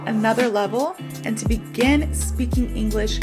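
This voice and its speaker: A woman's voice: on the high side, normal speed, loud music behind the voice. A young woman teaching English in a casual, chatty video lesson, self-aware and full of "so" and "like". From United States. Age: young adult.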